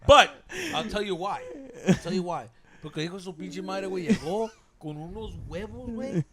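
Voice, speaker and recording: A man's voice: sits high, normal speed, a crowd in the background. A young man co-hosting a podcast, telling rambling, profane stories in casual chat and dropping Spanish slang as he acts out other people's lines. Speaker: podcast co-host.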